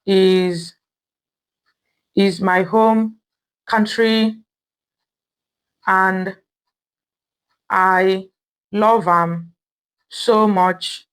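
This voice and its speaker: A woman with a Nigerian accent hosting a how-to tutorial, explaining each step patiently and repeating herself. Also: mid-range voice. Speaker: tutorial host. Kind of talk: screen-recorded how-to tutorial.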